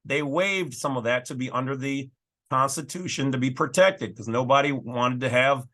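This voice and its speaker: Bright-voiced man explaining legal texts. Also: mid-range voice, moderate pace. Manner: folksy, emphatic, chatty asides. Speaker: channel host. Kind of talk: casual commentary reading legal documents.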